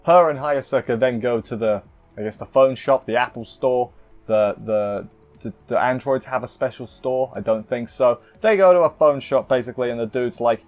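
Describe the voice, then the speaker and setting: A man's voice: mid-range voice, moderate pace, a little mellow, dull audio, soft background music. A man casually recapping an anime episode, rambling and cutting himself off with playful asides. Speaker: anime reviewer.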